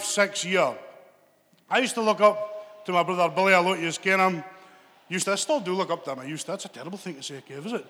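Bright-voiced Scottish comic in a hall. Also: male voice, sits high. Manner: chatty, teasing the crowd, rambling asides. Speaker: stand-up comedian. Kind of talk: stand-up comedy set. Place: live venue with audience. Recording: long reverb from a hall.

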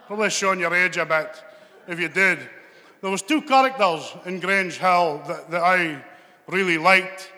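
A man's voice: high voice, moderate pace, pushed and bright. A Scottish man doing a stand-up comedy set, chatty and rambling, teasing people in the crowd. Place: live venue with audience. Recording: long reverb from a hall.

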